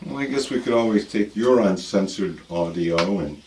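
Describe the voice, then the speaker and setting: A man's voice: fairly low pitch, expressive, normal speed, a little mellow, a little hiss or hum. A man hosting a show, bantering casually and teasingly with his co-host. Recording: roomy and distant.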